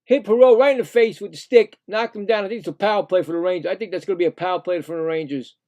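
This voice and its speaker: A man giving casual, excitable play-by-play of a hockey game, indignant and rambling with frequent restarts. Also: high-pitched, quick pace. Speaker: live play-by-play streamer.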